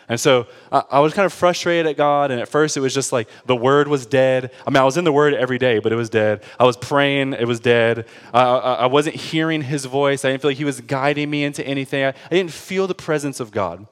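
Young man, pastor, lively conversational sermon, frequent asides. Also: mid-range voice, brisk, hardly any pauses, smooth. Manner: conversational, animated, with laughs and frequent "right?".

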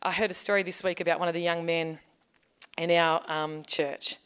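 A woman's voice: fairly low pitch, little pitch movement, moderate pace, fairly bright tone, smooth. A woman pastor, giving a sermon in a conversational storytelling manner. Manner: conversational storytelling, acts out quoted voices.

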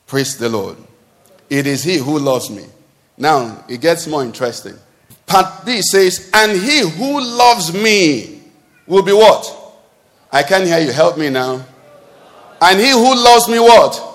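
A man's voice: a little high, expressive, takes it slowly, long pauses. A man preaching a sermon, questioning the congregation and calling for responses. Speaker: pastor. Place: church hall. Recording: long hall reverb.

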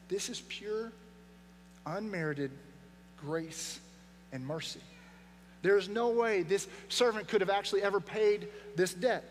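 A man preaching a sermon as pastor, earnest and emphatic, dropping his voice low for weight. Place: church sanctuary. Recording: long hall reverb, faint mains hum.

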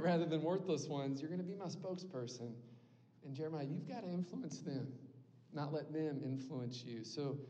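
A man's voice: on the high side, dark tone. A young man preaching an earnest, conversational sermon to a campus ministry group, often checking in with "right?". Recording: long hall reverb.

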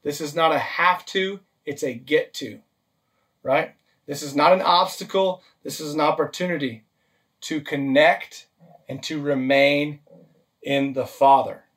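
A man's voice: on the high side, steady tone, a little slow, a bit bright. Man preaching from a distance off the mic. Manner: practical, list-driven teaching with frequent "okay?" and "right?" check-ins. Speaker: pastor. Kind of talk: sermon.

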